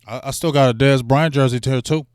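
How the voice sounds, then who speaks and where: A man's voice: medium pitch, a little fast, smooth, no room sound, clean studio sound. A man hosting a sports talk livestream, chatting casually in slang and hyping up donations to his viewers. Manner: animated, slangy, hypes donations. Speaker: sports talk show host.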